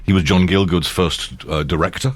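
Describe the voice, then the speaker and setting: In a low voice with fairly even intonation, an older actor and voiceover artist chats at normal speed as an interview guest. The conversation is casual, with rambling stories, frequent restarts, and ready laughter, and there's no room sound.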